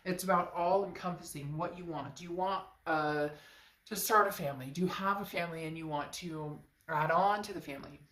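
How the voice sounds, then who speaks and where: Woman, tarot reader, lower voice, stuffy nose, emphatic casual talk, echoey room. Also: a little fast, fairly bright tone. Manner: emphatic, conversational, talks straight to the viewer. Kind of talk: tarot reading monologue.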